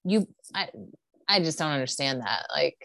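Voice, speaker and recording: A woman's voice: deep voice, animated, moderate pace, fairly bright tone, no echo, studio quality. A woman co-hosting a podcast, chatting casually about reality TV, laughing often and using lots of fillers. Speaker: podcast co-host.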